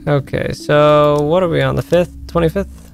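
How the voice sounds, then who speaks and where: A man's voice: a little high, steady tone, normal speed, gravelly, soft background music. A man streaming a story game, reading the narration aloud and breaking off to chat with and thank his viewers.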